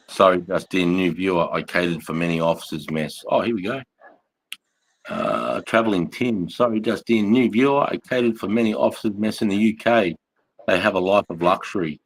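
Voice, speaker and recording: A middle-aged Australian army veteran hosting a casual phone livestream, swearing freely, laughing and reading out viewer comments in blokey slang. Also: male voice, low-pitched, normal speed, fairly bright tone, poor audio.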